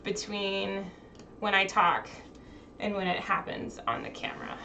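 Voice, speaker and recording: A woman's voice: mid-range voice, expressive, unhurried, vocal fry, sharp tone, muffled recording, slight background noise. A woman hosting a casual live stream from home, chatting and laughing while fixing technical problems. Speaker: streamer host.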